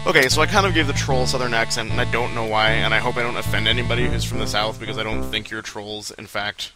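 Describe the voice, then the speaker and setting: A man's voice: lowish voice, steady tone, quick pace, hardly any pauses, over loud music, rough recording. A man hosting a casual video game let's play, rambling and joking with self-deprecating asides as he plays. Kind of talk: casual gameplay commentary.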